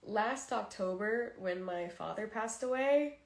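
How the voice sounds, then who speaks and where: Emotional and tearful, a woman talks frankly into her phone during a casual livestream with fans, sighing frequently. She has a mid-range, gravelly voice, animated yet measured in pace, heard with a roomy echo.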